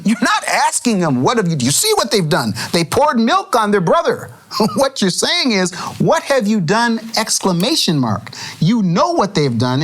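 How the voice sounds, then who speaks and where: Male Bible study host with a lively, up-and-down delivery; chuckling, conversational teacher. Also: high-pitched. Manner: animated, chuckling, restarts mid-thought.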